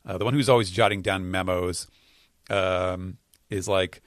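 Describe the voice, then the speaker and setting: Hesitant man with a low, dry voice. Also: fairly even intonation, fairly quick, no echo. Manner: hesitant, many fillers and restarts while explaining. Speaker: podcast host. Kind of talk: casual chat recapping comics.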